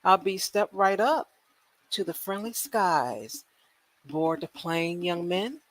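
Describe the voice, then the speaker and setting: A woman's voice: fairly low pitch, takes it slowly, dry recording. A woman playing a cheery airline gate agent and flight attendant in a comic livestream skit, sing-song and teasingly polite. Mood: mock-polite.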